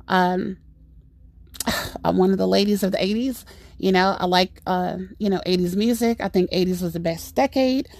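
Gravelly, exasperated woman podcaster. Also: mid-range voice, normal speed, no room sound. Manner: animated, exasperated, rambling with fillers. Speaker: podcast host. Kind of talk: casual storytelling monologue.

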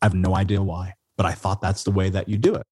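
Husky-voiced man telling his story. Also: low-pitched, fast, no room sound. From Indiana, USA. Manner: animated, profane, says "dude" and "man". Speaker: interview guest. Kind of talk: casual storytelling.

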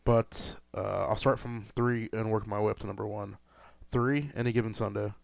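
A man's voice: fairly low pitch, steady tone, normal speed, creaky, dry recording. A man co-hosting a casual chat who gets enthusiastic and worked up as he talks. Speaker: co-host.

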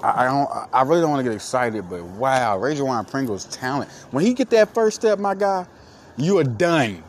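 A man riffs through a one-man sports podcast, full of slang and repetition. His pitch leaps all over as he gets excited. A light hiss sits under the recording. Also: normal speed. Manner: hype, repetitive, calls listeners "baby". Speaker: podcast host.

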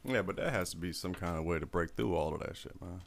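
A man's voice: sits low, quick pace, vocal fry, slight background noise. A young man co-hosting a casual podcast, telling army stories in laid-back, profane banter. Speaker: podcast co-host, army veteran.

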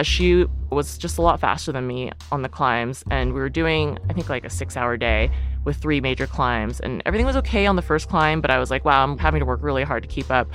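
A woman guest telling a personal story in a chatty way, laughing often and using a lot of "like". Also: low-pitched.

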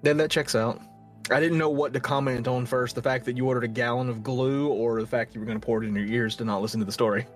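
A man's voice: medium pitch, steady tone, fast, faint music behind. Dry-humored man co-host. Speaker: podcast co-host and storyteller. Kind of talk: casual chat.

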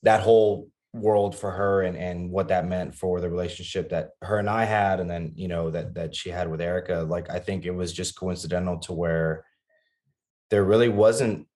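A man's voice: sits low, steady tone, moderate pace, a little mellow. A man in his thirties talking as a guest on a podcast about being a father, earnest and reflective, with many restarts and fillers.

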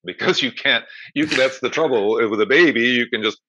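A man's voice: mid-range voice, a little fast, sharp tone, a little hiss or hum. An older man, a movement educator, explaining thoughtfully in a conversational interview with rambling asides. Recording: dull lo-fi dry remote audio.

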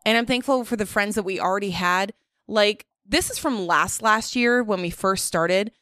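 A woman co-hosting a podcast in casual chat, earnest and warm, often saying "like". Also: mid-range voice, normal speed, no room sound. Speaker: podcast co-host.

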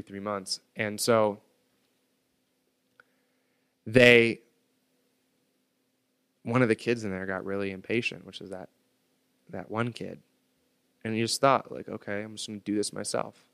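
Man, host type, casual storytelling, emphatic and profane, low smooth voice. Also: a bit bright. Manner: emphatic, profane, streetwise slang.

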